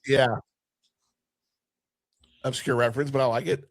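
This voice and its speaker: Animated, swearing podcast host. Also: male voice, medium pitch, a little slow, no room sound. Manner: animated retelling, frequent swearing. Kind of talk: casual film review chat.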